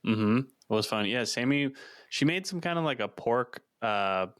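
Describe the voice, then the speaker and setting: A podcast co-host chats casually in a laid-back, joking way. His medium-pitched voice is lively in intonation, fairly bright, clear and resonant, at a moderate pace. The recording is clean studio sound with no room noise.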